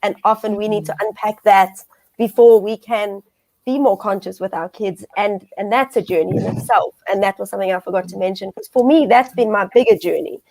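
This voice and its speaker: A woman from South Africa hosting a panel chat, speaking in an encouraging way with quick affirmations. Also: medium pitch, a little mellow, no room sound, rough recording. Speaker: host.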